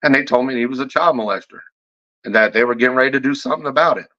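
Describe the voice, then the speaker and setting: A man's voice: medium pitch, racing, bright, forceful tone. Brash man ranting on a dull lo-fi recording. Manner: profane, combative, heavy swearing; repeats and restarts words when heated. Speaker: fragrance reviewer. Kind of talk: off-the-cuff vlog rant. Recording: dull lo-fi audio.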